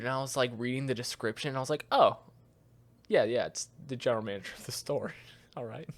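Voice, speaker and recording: A man's voice: mid-range voice, a little fast. A young man co-hosting a podcast, chatting casually and acting out both sides of his work stories. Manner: storytelling, acts out both sides of conversations. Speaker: podcast co-host. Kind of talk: casual chat.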